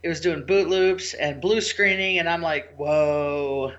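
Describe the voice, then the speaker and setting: Animated woman telling a work story, lo-fi sound. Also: normal speed. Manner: animated, quotes herself and clients with big pitch jumps. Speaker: IT business owner and podcast host. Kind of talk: casual storytelling monologue.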